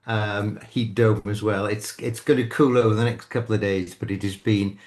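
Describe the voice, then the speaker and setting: Halting older British-accented man. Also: fairly low pitch, steady tone, darkish tone. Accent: British English. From England. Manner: halting, frequent restarts and self-corrections. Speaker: guest commentator. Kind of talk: casual chat.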